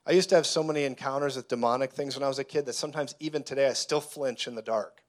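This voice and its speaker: A man's voice: mid-range voice, quick pace. A man preaching a sermon, telling personal stories and acting out the voices of the people in them. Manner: animated storyteller who acts out dialogue. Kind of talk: sermon teaching.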